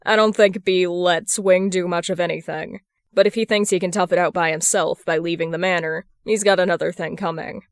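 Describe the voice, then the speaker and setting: A woman playing a gruff, blunt older brother. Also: on the low side, fairly quick, dry recording, studio quality, close to an everyday voice. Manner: blunt, deadpan, grumbling. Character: gruff protective young man, older brother.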